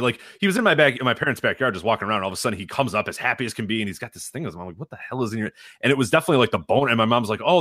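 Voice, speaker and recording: A man's voice: on the low side, pushed and bright, no echo, studio quality. A man co-hosting a podcast in casual chat, rambling with frequent laughs and swearing. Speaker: podcast co-host.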